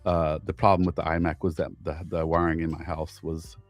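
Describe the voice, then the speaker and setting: A man co-hosting a podcast, telling a frustrating story in casual chat, animated and exasperated, often restarting his sentences. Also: extremely low pitch, a little fast, soft background music. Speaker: podcast co-host.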